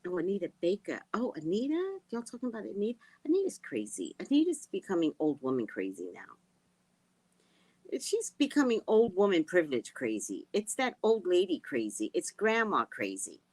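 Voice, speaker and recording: A woman host chatting casually with viewers, giggly and drifting between soft murmurs and loud outbursts. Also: lowish voice, wildly swooping pitch, normal speed, no echo, poor audio. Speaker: livestream host.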